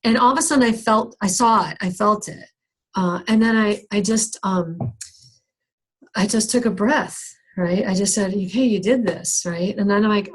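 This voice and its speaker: A middle-aged woman counselor, speaking at medium pitch and normal speed in a slightly rough voice, teaches a skills workshop. She tells a candid, self-deprecating personal story full of restarts and fillers.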